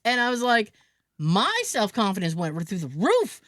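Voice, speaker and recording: A woman's voice: moderate pace, no echo. A woman co-hosting a podcast, telling a story in casual chat and acting out the quotes with big jumps in her voice. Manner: animated, acts out quotes with big pitch jumps, laughs often. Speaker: podcast co-host.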